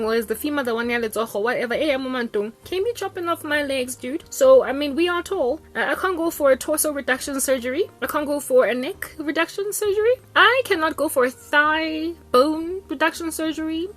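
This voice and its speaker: A woman's voice: high voice, brisk, hardly any pauses. A young South African woman with a South African accent, chatting casually with slang and local words as she tells her testimony. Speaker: Christian vlogger.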